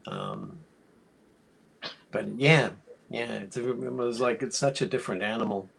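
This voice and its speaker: A man with a gravelly voice tells a story on a festival panel about acting. His pitch swings widely as he talks, and he scatters "um" and "uh" through his sentences. The delivery is lively and unrehearsed. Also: a little slow. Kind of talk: panel discussion.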